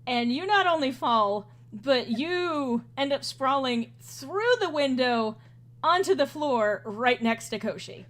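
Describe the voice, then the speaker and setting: A woman narrating as game master in a tabletop role-playing session, chatty and animated, often laughing. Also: high-pitched.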